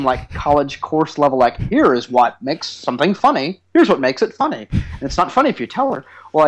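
Joking higher-voiced man. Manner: joking storyteller, teasing. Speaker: podcast co-host. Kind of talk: casual chat.

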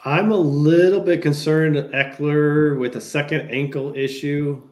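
Laid-back male guest, slightly higher voice. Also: fairly even intonation, measured pace, a little mellow. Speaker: podcast guest. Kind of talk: casual chat.

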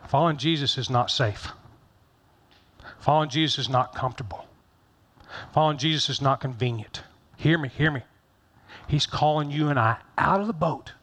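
A man's voice: on the high side, normal speed, long pauses, a bit bright. A middle-aged man pastor giving a conversational sermon, folksy and joking, repeating phrases for emphasis.

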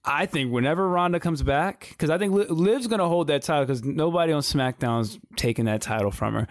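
A man's voice: mid-range voice, no room sound, clean studio sound. A man co-hosting a podcast, chatting casually about wrestling in an emphatic, slangy way, often repeating himself. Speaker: podcast co-host. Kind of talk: casual wrestling review chat.

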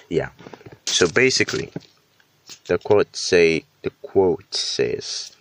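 A man's voice: low-pitched, lively intonation, takes it slowly, pauses often, dry recording. A man hosting a casual solo podcast, rambling and self-deprecating, with many fillers, restarts and casual swearing. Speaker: podcast host.

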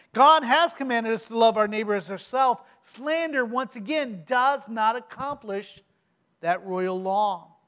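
Middle-aged pastor, very high voice, emphatic sermon delivery with rhetorical questions. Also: male voice, a bit bright. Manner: emphatic preaching with rhetorical questions and slow stressed phrases.

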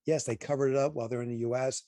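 A man talking through a film review with a co-host, opinionated and emphatic. His voice sits at an ordinary pitch. The sound is dry and close, with no room around it. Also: rapid-fire, no room sound. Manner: opinionated, emphatic, animated asides. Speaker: podcast co-host. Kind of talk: casual movie review chat.

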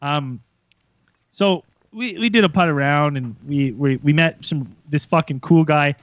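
High-voiced animated storytelling man. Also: unhurried, dry recording, lo-fi sound. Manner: animated storyteller, swearing, acting out quotes. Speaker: podcast host. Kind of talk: casual chat.

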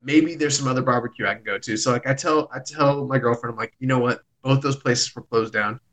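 Podcast host, man, loose rambling delivery with swearing, mid pitch. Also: fairly quick, fairly bright tone, low-quality recording. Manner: rambling storyteller, swears freely. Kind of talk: casual podcast chat.

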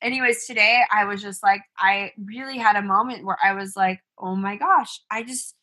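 Bright-voiced chatty woman in her thirties. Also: medium pitch, brisk. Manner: chatty, animated storytelling with many fillers. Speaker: podcast co-host, business owner. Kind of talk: casual chat.

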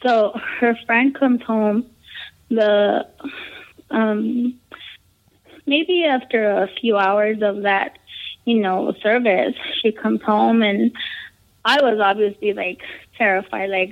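A woman's voice: mid-range voice, steady tone, slow pace, long pauses. A woman casually telling a personal story, rambling with lots of "um", "like" and "you know". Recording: tinny phone-like line.

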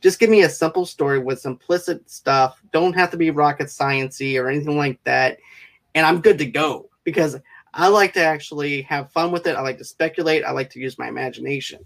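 Man, interview host, slightly high voice, quick rambling enthusiastic talk. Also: vocal fry, a bit bright. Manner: rambling, enthusiastic, speeds up often. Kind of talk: casual interview chat.

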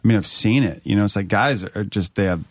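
Man, thirties, podcast host, relaxed, very low voice, dry close sound. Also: quick pace, no room sound. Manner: relaxed, anecdotal, laughs easily. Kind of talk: casual chat.

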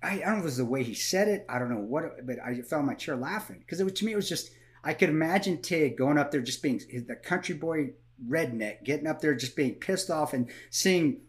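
A man's voice: a little high, expressive, brisk, hardly any pauses. A man as a podcast guest, telling stories in casual conversation, blunt and swearing, often restarting and repeating words.

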